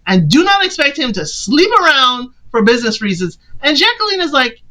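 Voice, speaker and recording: A woman recaps a film in a casual, playful way, slipping in and out of the characters' voices as she quotes them. Her voice is bright and sits a little high. She jumps lively from line to line, with lots of colour. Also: brisk, few pauses, low-quality recording. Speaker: podcast host recapping a film.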